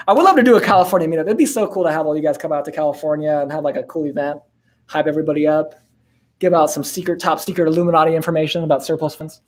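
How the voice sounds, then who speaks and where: A man's voice: on the high side, fast. A man in his twenties hosting a casual live-stream Q&A, laid-back and slangy, with lots of fillers and laughs. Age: 20s. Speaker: host answering viewer questions.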